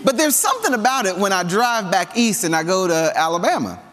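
A Southern man with a drawl preaches in a lively, conversational style, joking with the congregation and drawing call-and-response. His voice sits a little high for a man. A long reverb trails each phrase, as in a large sanctuary. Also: fairly quick. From Southern United States. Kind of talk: sermon. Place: church sanctuary.

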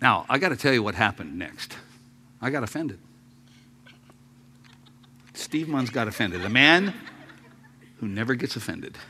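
Male preacher telling a story from the pulpit, animated and expressive, bright voice. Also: mid-range voice, unhurried, long pauses, slight background noise. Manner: animated, acts out voices, laughs, sudden shouts. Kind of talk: sermon storytelling.

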